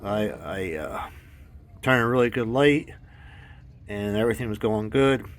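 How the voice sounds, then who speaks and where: A man's voice: lowish voice, lively intonation, unhurried. A man telling a casual, rambling story about his car hobby in a voice-over, full of fillers and restarts, chuckling often.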